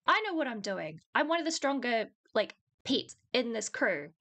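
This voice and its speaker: A young woman with a New Zealand accent in her twenties, casually telling a long personal story on a podcast, animated, swearing freely and laughing between lines. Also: on the high side, normal speed. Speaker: podcast co-host.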